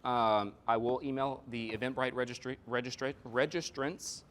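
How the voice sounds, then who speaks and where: A man's voice: medium pitch, steady tone, normal speed, a bit bright, slight background noise. A man presenting a live workshop, explaining ideas through examples and analogies and checking in with "right?" and "you know". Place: workshop room.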